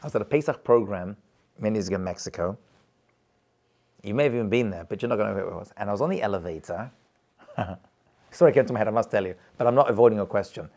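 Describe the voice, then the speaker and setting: A man's voice: lowish voice, quick pace, pauses often. A middle-aged man, a rabbi, teaching a class in a chatty, storytelling way with acted-out quotes. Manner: animated, chatty, tells anecdotes with acted quotes. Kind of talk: lively storytelling lecture.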